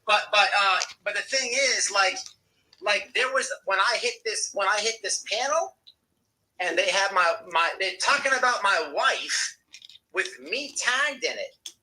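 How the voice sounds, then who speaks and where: A male livestream host with a very bright, forceful tone and lively pitch that swings high and low. He rants in a loose, profane, animated way, like he's talking straight to his chat. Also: measured pace, slight background noise, rough recording. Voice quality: animated, profane, ranting delivery. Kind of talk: casual live-stream chat.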